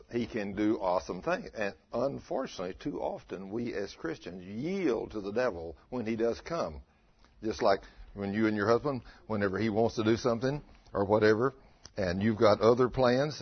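Animated male preacher in his 50s, husky, muffled lo-fi sound. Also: mid-range voice, moderate pace. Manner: animated, acts out dialogue, laughs with listeners. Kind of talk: storytelling sermon. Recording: dull lo-fi recording.

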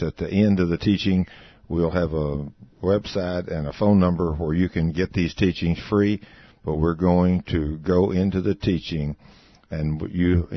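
Man preaching slow and emphatic, muffled lo-fi camera audio. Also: low-pitched. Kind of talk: recorded teaching session. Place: room with small group.

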